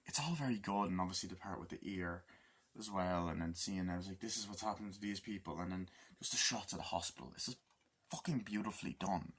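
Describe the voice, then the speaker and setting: Man, lowish voice, casual rambling film reviewer, swears a lot, acts out scenes in quoted voices. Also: fast, fairly bright tone, slightly rough. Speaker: movie reviewer. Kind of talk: casual spoken movie review.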